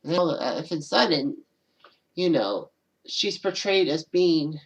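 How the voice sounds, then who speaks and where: A woman's voice: low-pitched, animated, measured pace, highs cut off. A woman hosting her own channel, talking alone in a rambling casual way and often repeating "and all that.". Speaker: channel host. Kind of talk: casual solo commentary.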